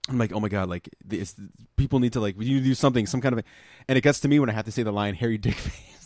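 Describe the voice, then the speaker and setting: A man's voice: fairly low pitch, racing, a little mellow, dry recording, studio quality. A young man co-hosting a casual chat show, telling rambling school stories and laughing through them. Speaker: podcast co-host.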